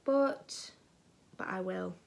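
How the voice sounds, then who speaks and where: Brief: shy schoolboy read by a woman, hesitant, slow storybook delivery. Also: medium pitch, creaky, darkish tone, pitched below the performer's own voice. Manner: hesitant, unsure. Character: shy twelve-year-old English boy, nervous.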